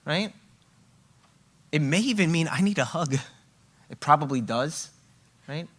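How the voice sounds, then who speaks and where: Leading a live communication workshop for a room of parents, a man speaks in a bright, clear, slightly high voice. He's animated and emphatic yet unhurried, pausing often and checking in with "okay?" and "right?"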